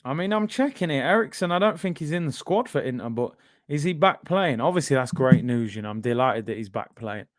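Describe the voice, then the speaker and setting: A man with a British accent hosting a live football watch-along, bantering excitably and reading out viewer comments. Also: mid-range voice, fairly quick, no room sound, studio quality.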